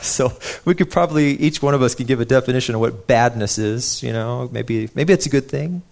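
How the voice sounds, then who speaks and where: A man's voice: medium pitch, a little fast, gravelly, darkish tone. A young man preaching a sermon in an earnest, conversational way, stopping to restart his sentences and telling stories from his own life.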